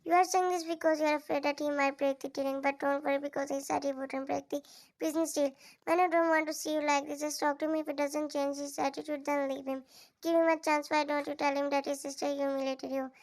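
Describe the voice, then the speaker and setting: A woman's voice: high voice, little pitch movement. A woman reading an urging caring mother. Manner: plain reading voice, halting. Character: caring mother advising her daughter. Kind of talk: reading fan fiction aloud.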